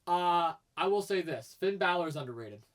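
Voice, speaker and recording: A man's voice: high voice, lively intonation, moderate pace. A man co-hosting a casual podcast chat, opinionated and rambling, laughing often as he talks. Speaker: podcast co-host.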